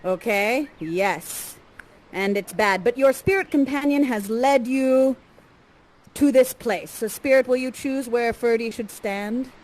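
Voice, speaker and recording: A woman's voice: a little high, takes it slowly, a little mellow, low-quality recording. Playful woman guiding the players. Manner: playful, chatty and encouraging. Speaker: actor guiding players as Prospero. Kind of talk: improvised interactive theatre.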